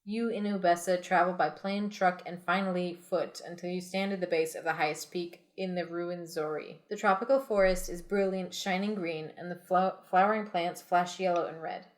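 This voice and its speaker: A woman's voice: lowish voice, steady tone, moderate pace, hardly any pauses. A woman hosting a podcast, reading an adventure gamebook aloud to friends in a casual, giggly way that keeps breaking into laughter. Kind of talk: casual read-aloud with banter.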